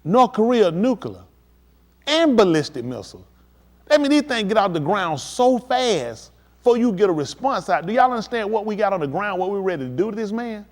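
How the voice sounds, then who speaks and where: Man, livestream preacher, emphatic, direct address, fairly high pitch. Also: brisk. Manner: emphatic, addresses listeners directly, rising to excited peaks. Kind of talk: livestream preaching on world events.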